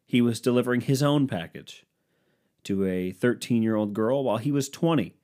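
A man's voice: mid-range voice, moderate pace, a little mellow. A young man hosting a solo podcast, ranting sarcastically and crudely in a rambling way. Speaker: podcast host. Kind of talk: solo comedic rant.

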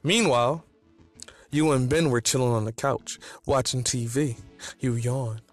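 A man's voice: medium pitch, fairly even intonation, a little slow, soft background music. A man casually reading a fan story aloud, with slips and rereads. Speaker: story reader.

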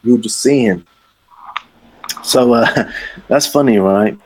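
Taking it slowly in a mid-range voice, a slangy podcast guest rambles through a casual story, and the audio quality is poor. He acts out the voices of the people he describes.

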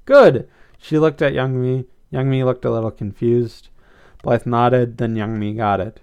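A man narrating a fan story aloud with an expressive storytelling manner. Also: medium pitch, normal speed, clean tone.

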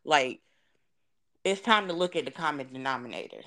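A woman's voice: low voice, lively intonation, moderate pace, fairly bright tone. A young woman speaking as a podcast guest, telling her story in an earnest, reflective way with many fillers. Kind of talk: candid conversational storytelling.

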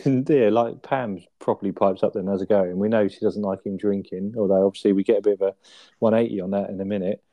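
A man's voice: on the low side, steady tone, quick pace, no room sound, highs cut off. A man chatting casually on a podcast, laughing as he retells sitcom scenes and tagging on questions. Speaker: podcast co-host. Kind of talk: casual chat reviewing a sitcom episode.

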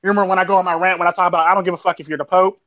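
Casting: quick high-voiced host, street slang, muffled lo-fi line. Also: male voice, level tone, sharp tone. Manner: fast, slangy, laughing. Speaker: show host. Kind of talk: casual panel chat. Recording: dull lo-fi audio.

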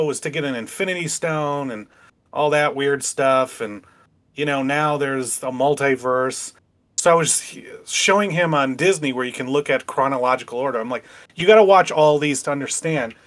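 A man's voice: on the high side, normal speed, fairly bright tone. A man co-hosting a casual podcast chat, telling stories and acting out dialogue with small laughs. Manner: storytelling with laughs, quoting others in dialogue. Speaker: podcast co-host.

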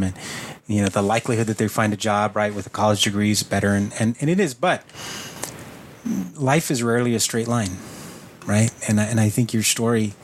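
A man's voice: on the low side, slight background noise. Supportive man hosting a podcast. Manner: supportive, reflective, filler-heavy. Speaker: podcast host. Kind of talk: conversational interview hosting.

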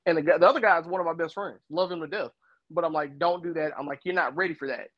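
Man, middle-aged, co-host, faith chat, storytelling, slightly high voice, dry sound. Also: fast, no echo, lo-fi sound. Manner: storytelling, explains with personal examples. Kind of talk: casual faith discussion.

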